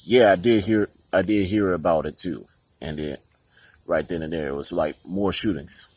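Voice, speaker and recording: A man's voice: sits low, normal speed, darkish tone, slight background noise, rough recording. A man giving heated, profane political commentary on his vlog, often stopping to laugh and restarting his words.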